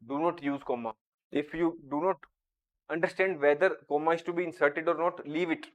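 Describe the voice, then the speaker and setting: Man, fairly high voice, deliberate grammar teacher, explains examples one at a time. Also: steady tone. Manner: slow, deliberate, explains each example step by step. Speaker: English teacher. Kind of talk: grammar lesson.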